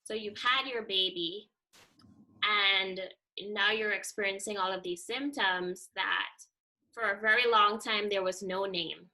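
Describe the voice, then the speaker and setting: A woman's voice: medium pitch, fairly even intonation, a little slow, pushed and bright, poor audio. A woman hosting an interview, chatting easily and steering the talk with questions. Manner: conversational, leads with questions. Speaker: podcast host. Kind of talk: interview chat.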